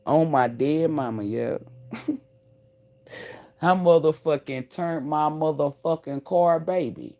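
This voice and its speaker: A woman telling a profane, animated story straight to her viewers, calling them "y'all" and "baby", with emphatic outbursts. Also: low voice, takes it slowly, long pauses. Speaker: online creator.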